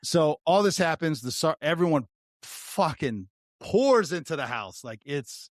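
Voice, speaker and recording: Recorded in clean studio sound with no echo, this man has a fairly high voice and a measured pace. He's a retired deputy co-hosting a podcast, telling an animated, profanity-laced story in casual chat and frequently starting his sentences over.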